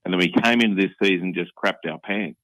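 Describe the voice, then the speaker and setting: Australian man, bright voice, laid-back. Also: sits low, fast, no room sound, low-quality recording. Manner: laid-back, uses mate and bloody. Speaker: caller. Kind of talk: casual call-in chat.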